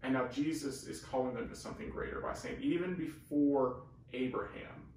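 A man's voice: mid-range voice, moderate pace, darkish tone. A man co-hosting a conversational Bible teaching, speaking earnestly and emphatically with restarts, recorded on a camera mic from far off. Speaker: co-host of a Bible teaching talk. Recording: echoey room from far off with faint hiss.

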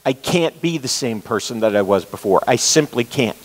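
A man's voice: mid-range voice, lively intonation, normal speed. A man preaching a sermon, earnestly retelling a story and repeating key phrases for emphasis. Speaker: pastor. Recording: long reverb of a large hall.

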